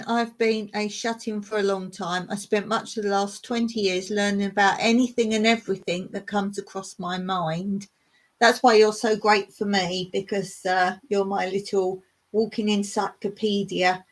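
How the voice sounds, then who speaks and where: Slow, easygoing woman chatting live. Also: mid-range voice, rough recording. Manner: chatty, rambling, laughs often. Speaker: live streamer. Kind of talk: casual chat with live viewers. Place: rural smallholding.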